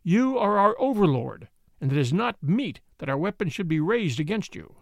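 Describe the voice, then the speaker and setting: A man's voice: high-pitched, very animated, moderate pace, gravelly, no echo, heavily acted. A man doing a firm, principled knight.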